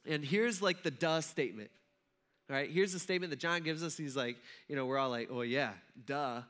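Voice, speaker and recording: A man preaches in a relaxed, chatty storytelling way, slipping into the voices of the people in the story. His voice sits high and sounds bright and forward. He talks loosely, with many small fillers. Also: a little fast. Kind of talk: casual storytelling sermon.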